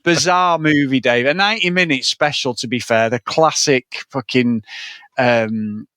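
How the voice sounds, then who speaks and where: A man's voice: medium pitch, unhurried, pushed and bright, no room sound. A man co-hosting a podcast, chatting casually about a film, sweary and rambling. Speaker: podcast co-host.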